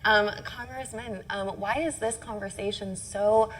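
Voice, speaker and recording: A woman moderating a panel discussion who speaks in a gracious, measured way. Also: medium pitch, steady tone, a little hiss or hum, low-quality recording.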